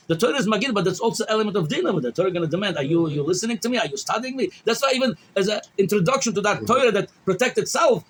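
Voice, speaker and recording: A man's voice: high-pitched, slight background noise, low-quality recording. A man, a rabbi, teaching a daily law class, reading Hebrew sources and explaining them in English with many restarts. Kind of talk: halacha lecture.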